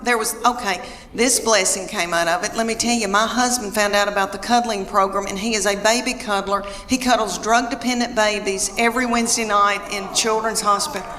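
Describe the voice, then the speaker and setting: A woman's voice: medium pitch, steady tone, a little fast, bright, forceful tone. A middle-aged woman with a Southern US accent doing stand-up comedy, telling chatty, folksy stories with teasing asides on stage before a live audience. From Southern United States. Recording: live hall with long reverb and audience noise.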